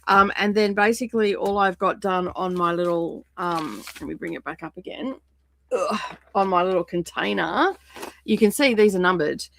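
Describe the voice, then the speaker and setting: A woman's voice: on the low side, moderate pace, gravelly, fairly bright tone. A woman hosting a casual craft livestream from her home craft space, chatting in a rambling way as she explains what she is doing. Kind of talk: casual craft-along chat.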